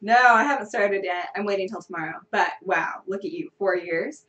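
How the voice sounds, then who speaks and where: A woman's voice: mid-range voice, normal speed, bright, forceful tone, dull audio, natural voice. Woman reading as a snarky grumpy twentysomething dude, kinda far from the mic. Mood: snide. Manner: dry, mocking read of a script. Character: grumpy sarcastic young man down on his luck.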